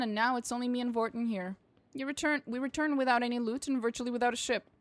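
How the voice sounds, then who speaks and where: A woman's voice: fairly high pitch, fairly bright tone, no room sound, natural voice. A woman reading as a swaggering noble warlord. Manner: swaggering, blunt, boastful. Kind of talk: reading game dialogue aloud.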